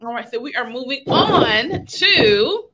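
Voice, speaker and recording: A woman's voice: sits high, animated, slow pace, sharp tone, a little hiss or hum. A woman hosting a casual interview chat, playful and teasing, often laughing. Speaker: host.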